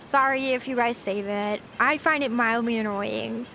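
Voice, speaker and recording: A woman's voice: fairly high pitch, normal speed, gravelly, bright, forceful tone, a little hiss or hum. A young woman streamer rambling through casual chat with her viewers, giggling often.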